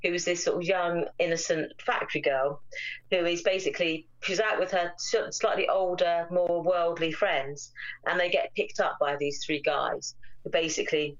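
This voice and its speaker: Woman on a podcast, lowish voice, kinda muffled lo-fi sound. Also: steady tone, moderate pace. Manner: chatty, retells plots at length. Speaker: podcast co-host. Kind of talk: casual chat, film review.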